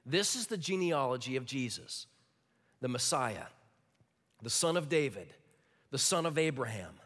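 A man preaching a sermon with animated delivery, sometimes dropping to a hushed near-whisper for emphasis. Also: mid-range voice, unhurried. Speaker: pastor. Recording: long hall reverb.

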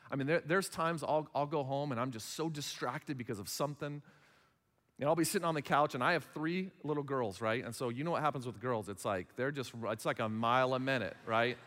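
A man's voice: medium pitch, fairly bright tone, in a large hall. A man in his thirties preaching a sermon as pastor, conversational, acting out little dialogues. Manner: conversational, acts out little dialogues in other voices.

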